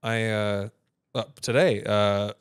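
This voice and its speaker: A father co-hosting a podcast rambles through stories in casual chat, acting out people's quotes in other voices. His lowish voice is smooth, with fairly even intonation and a slow pace. The sound is clean studio quality with no room sound.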